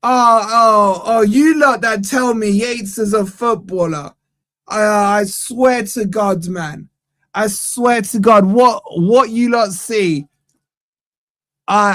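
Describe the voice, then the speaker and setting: A man's voice: high voice, takes it slowly, a bit bright, no room sound. A man hosting a fan channel, giving live watch-along commentary on a match from a studio, ranting in exasperation and tagging "man" onto nearly every line.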